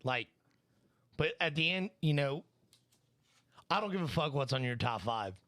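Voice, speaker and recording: A man's voice: a little high, animated, unhurried, fairly bright tone, dry recording. Blunt, laid-back podcast co-host, a man. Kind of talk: casual podcast chat.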